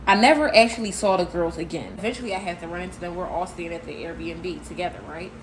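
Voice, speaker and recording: A woman's voice: lowish voice, quick pace, noisy background. A woman telling a personal story in a casual, emphatic way, speaking straight to her listeners. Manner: emphatic, addresses listeners as y'all.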